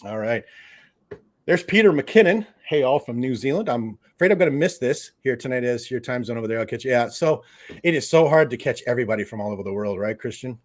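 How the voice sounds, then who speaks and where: A man hosting a live stream, loud and joking, laughing often. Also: medium pitch, lively intonation, quick pace. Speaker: livestream host. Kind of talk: casual live stream chat.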